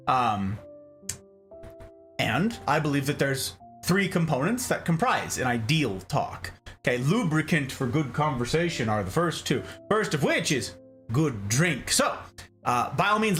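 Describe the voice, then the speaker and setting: A man hosts a live stream and chats casually with his viewers. He greets them one by one and reads their comments aloud in a playful way. His voice sits a little high and swings widely in pitch, with faint music playing underneath. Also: fairly bright tone. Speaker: streamer host.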